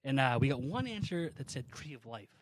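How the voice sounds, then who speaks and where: A man's voice: medium pitch, sing-song, a little fast, a little hiss or hum. Laughing man reading listener emails. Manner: laughs often, reads emails aloud with asides. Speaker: podcast co-host. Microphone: headphones and computer mic.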